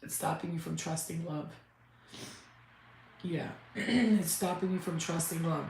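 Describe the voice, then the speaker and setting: A woman psychic medium channeling messages in a halting, repetitive, emotional way, close to tears. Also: low voice, gravelly. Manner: halting, repetitive, restarts words. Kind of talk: live spirit channeling session. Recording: very echoey room, faint background noise.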